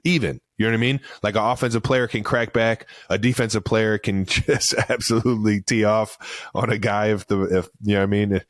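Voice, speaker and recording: A man co-hosting a casual sports podcast as a football receiver, animated and joking, swearing freely. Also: on the low side, a little fast, no echo, clean studio sound.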